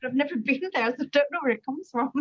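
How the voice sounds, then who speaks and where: A woman's voice: sits high, fast talker. A woman co-hosting a casual video call chat, talking in a chatty way and laughing often. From Scotland. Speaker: co-host. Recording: dull lo-fi video call audio.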